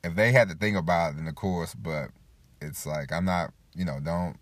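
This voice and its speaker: The recording is dry, and the man's low-pitched voice moves at a moderate pace as he hosts a casual motivational podcast. Rambling and repetitive, he keeps saying "you know" while acting out quoted people.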